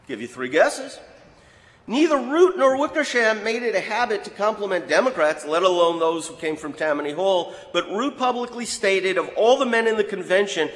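A man giving an anecdotal history talk, an animated storyteller who acts out the quotes he tells. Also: fairly high pitch. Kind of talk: anecdotal lecture. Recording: hall with long reverb.

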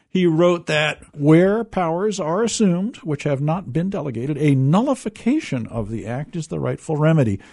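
A man co-hosting a history talk, lecturing and reading documents aloud in an animated way. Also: a little high. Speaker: history podcast co-host. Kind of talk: casual history discussion.

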